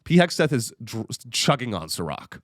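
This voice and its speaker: A man's voice: mid-range voice, sing-song, normal speed, no room sound, studio quality. A man hosting a comedy podcast, ranting sarcastically and profanely.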